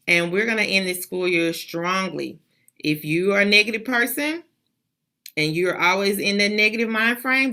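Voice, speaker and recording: A woman's voice: on the low side, sharp tone. Emphatic woman principal rallying her school. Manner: emphatic, repetitive, preacher-like exhortation. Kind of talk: motivational morning address to students and staff. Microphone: video call.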